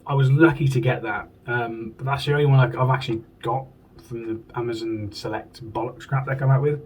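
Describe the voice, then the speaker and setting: Recorded on a distant mic with slight background noise and low quality, a British toy collector talks casually and eagerly from a room at home. His mid-range voice is steady and a little fast, and he swears occasionally.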